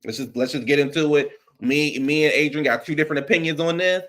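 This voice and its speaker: A man's voice: fairly high pitch, steady tone, quick pace, fairly bright tone. A man hosting a casual chat, giving blunt, opinionated and profane movie takes. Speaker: podcast host.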